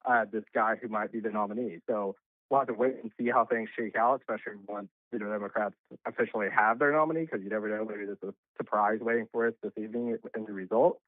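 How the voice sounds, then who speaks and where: A male political commentator calls in over a tinny, phone-like line. He talks quickly and emphatically, with plenty of filler words. The sound is dry and close. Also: lowish voice, fairly even intonation, dry recording. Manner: brisk, emphatic, frequent fillers.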